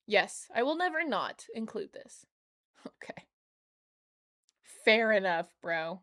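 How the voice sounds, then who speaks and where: A woman's voice: medium pitch, very animated, takes it slowly, pauses often, a bit bright. A woman streaming a game, chatting casually between reading in-game notes, with giggly asides. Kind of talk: casual gaming stream commentary.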